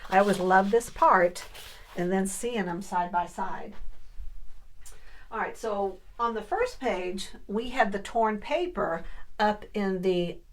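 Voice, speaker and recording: A middle-aged woman talks through her papercraft project in an easy, conversational way, pausing to think aloud as she works. She keeps turning to her viewers with friendly questions, at an ordinary mid-range pitch. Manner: chatty, thinks aloud while working. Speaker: papercraft vlogger. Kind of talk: casual crafting tutorial.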